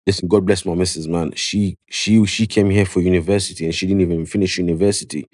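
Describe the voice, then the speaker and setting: Low-voiced barber telling his story. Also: fast talker, no room sound, clean studio sound. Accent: London. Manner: animated storyteller, slangy, repeats "yeah" and "you know what I mean". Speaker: barber, podcast guest. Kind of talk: casual storytelling interview. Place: podcast studio.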